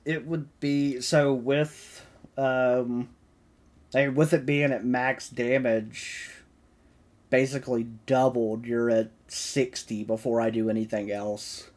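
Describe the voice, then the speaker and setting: Dude playing dnd, slow and kinda unsure, lots of ums. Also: male voice, mid-range voice, little pitch movement, a little mellow. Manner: hesitant, with many fillers. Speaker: player. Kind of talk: casual tabletop game play.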